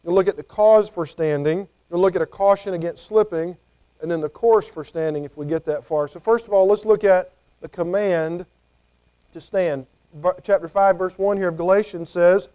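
A man's voice: high voice, steady tone, brisk, mellow, smooth. A man preaching a conversational sermon, often acting out what people might say. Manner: conversational, acts out quoted voices.

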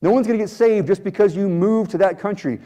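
Guy preaching a sermon, high voice, mellow and soft-toned, earnest, keeps repeating himself. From United States. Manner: earnest, repetitive preaching with prayerful pauses. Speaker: missionary preacher.

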